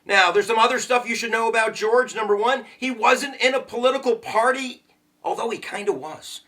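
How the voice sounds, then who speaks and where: A man teaching a casual history lesson, joking and slangy with quick asides. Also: very high voice. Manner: jokey, slangy and animated, with sudden asides.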